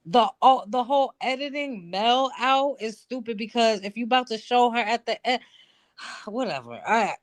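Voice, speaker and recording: Blunt, animated woman calling in. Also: fairly high pitch, normal speed. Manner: blunt, animated, swears freely. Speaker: guest caller. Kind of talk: casual chat.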